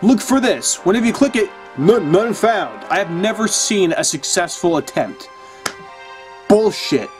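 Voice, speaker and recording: Young male let's-player, profane and exasperated, slightly high voice, faint music under him. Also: very animated, a little slow. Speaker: let's play gamer. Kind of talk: casual gameplay commentary.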